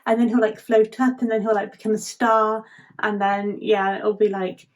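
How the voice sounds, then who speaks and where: A woman's voice: medium pitch, little pitch movement, moderate pace. A woman vlogger chatting casually as she retells a film plot, giggling and leaning on the filler "like".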